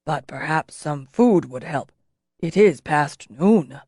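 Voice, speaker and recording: A woman voicing a gentle older male master potter who speaks slowly and kindly. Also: sits low, expressive, no echo, studio quality, pitched below the performer's own voice, heavily acted. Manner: slow, kindly, soft-spoken.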